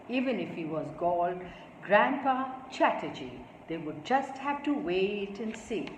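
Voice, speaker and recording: A woman's voice: medium pitch, muffled recording. A woman reading a story aloud to children, adding her own asides as she goes. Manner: warm, explanatory asides to children. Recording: echoey room with faint noise.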